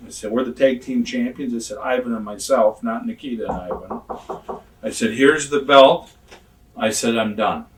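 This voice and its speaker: Recorded on a distant mic in a roomy space, an older man with a mid-range voice tells stories at normal speed. He's a retired pro wrestler in a casual shoot interview, blunt and profane, acting out the quoted dialogue.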